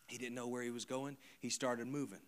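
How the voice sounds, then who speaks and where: A man preaching a sermon to a congregation. He moves from quiet, close asides to loud, emphatic repeated lines. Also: mid-range voice, little pitch movement, fairly quick. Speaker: pastor. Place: church service before a congregation.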